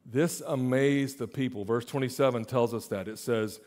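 A man preaching a sermon as pastor, stressing key phrases and slowing down on them. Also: mid-range voice, darkish tone.

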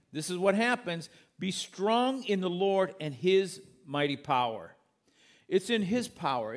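A man's voice: sits high, fairly bright tone. A male pastor preaching a sermon in a conversational way, reading scripture aloud and explaining it, with the odd corny joke.

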